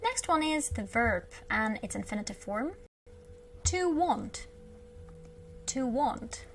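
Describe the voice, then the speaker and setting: A woman with a Russian accent, teaching Russian to beginners, who patiently repeats each word slowly several times. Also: on the high side, expressive, slight background noise. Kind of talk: slow beginner language lesson.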